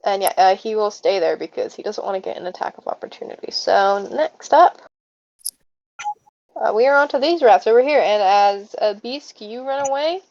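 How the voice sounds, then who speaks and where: A woman's voice: mid-range voice, lively intonation, normal speed, a little mellow. Hesitant woman game master, lo-fi mic. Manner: hesitant, many fillers. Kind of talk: narrating a tabletop game. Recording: dull lo-fi mic.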